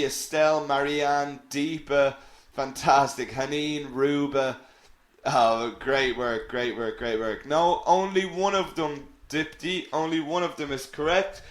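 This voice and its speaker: A man's voice: on the high side, a little slow. A male English teacher giving a live online lesson, explaining patiently, often checking in with "okay?" and reading out viewers' names. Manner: reads out viewers' names and questions. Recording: roomy echo.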